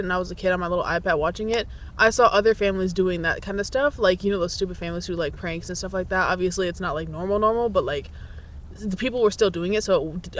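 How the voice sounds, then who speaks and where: Lively young woman telling stories. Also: a little high. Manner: laughs often, swears freely. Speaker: podcast host. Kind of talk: casual chat, storytelling.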